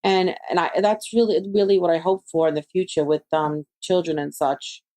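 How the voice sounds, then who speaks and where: A woman who works as a psychic medium is interviewed conversationally, telling stories animatedly and acting out her friends' voices. Her voice is lowish and warm, at a moderate pace.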